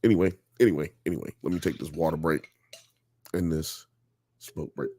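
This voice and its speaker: A man's voice: very deep voice, brisk, mellow, dry recording. A man hosting a live show, telling a story in casual chat, full of "you know" and "blah blah," and growing emphatic when worked up.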